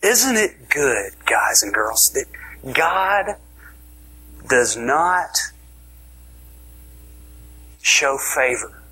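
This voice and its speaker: Husky man preaching slowly and playfully. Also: medium pitch, very animated, sharp tone. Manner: playful, joking storytelling, with sudden whispers. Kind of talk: sermon.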